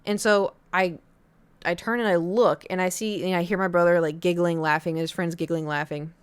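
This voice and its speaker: A young woman streaming from home and telling a long story to her chat in a casual, animated way. She jumps into a high voice whenever she quotes other people. The sound is close and dry, with no room around it. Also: a little fast, clear, resonant tone, dry recording.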